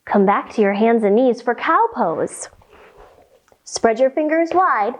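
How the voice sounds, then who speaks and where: A woman leads a children's yoga storytime, reading a picture book and guiding poses. Her voice sits high and swings widely in pitch, playful and instructive. She speaks slowly and gently, giving the children time to follow. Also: animated.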